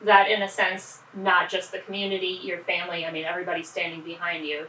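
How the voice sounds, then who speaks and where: Podcast host, female, low-pitched, warmly affirming, echoey distant sound. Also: monotone, quick pace. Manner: supportive, affirming interjections. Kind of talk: casual interview conversation. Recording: roomy, distant mic, faint background noise.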